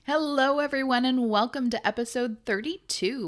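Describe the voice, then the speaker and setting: A woman's voice: on the low side, lively intonation, moderate pace, fairly bright tone. A woman hosting a book podcast, opening the show and chatting casually with her co-hosts. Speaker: podcast host. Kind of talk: casual chat.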